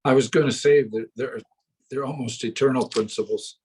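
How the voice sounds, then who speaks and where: A man joining an interview panel, speaking in a measured, reflective way. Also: medium pitch, fairly even intonation, darkish tone, husky, rough recording. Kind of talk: panel discussion.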